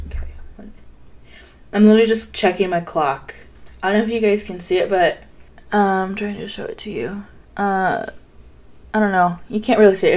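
A young woman reacting live on a stream from her bedroom, giddy and bubbly, talking close to a desk mic. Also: darkish tone. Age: young adult. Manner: giddy, bubbly, breaks into high squeals. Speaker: gaming streamer.

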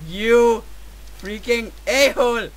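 High-voiced Danish man yelping at a game. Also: slow pace, poor audio. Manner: dramatic, yelps and shouts at the game. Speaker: gameplay video host. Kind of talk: excitable gameplay commentary.

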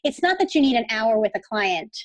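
A woman's voice: fairly high pitch, very animated, a little fast, no room sound, rough recording. A woman hosting a podcast, responding supportively and rambling through her points in casual interview chat. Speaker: podcast host. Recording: dry close sound.

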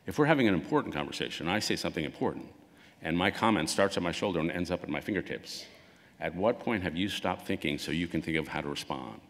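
Man giving a talk, very low voice, long reverb of a big hall, conversational, acts out dialogue. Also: fast. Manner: conversational, acts out quoted dialogue with lively swings. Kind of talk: public lecture.

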